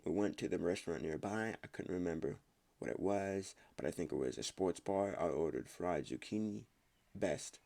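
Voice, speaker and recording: Deep gravelly man reading stories. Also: moderate pace, warm tone. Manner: stumbles over words and comments on his reading. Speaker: host reading online stories aloud. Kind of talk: casual reading with commentary.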